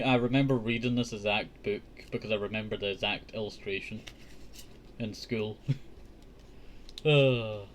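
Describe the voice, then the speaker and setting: A man hosting a casual storybook reading, breaking off into chatty, joking asides. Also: medium pitch. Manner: chatty, joking asides, says "I tell you" often. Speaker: host reading a children's book.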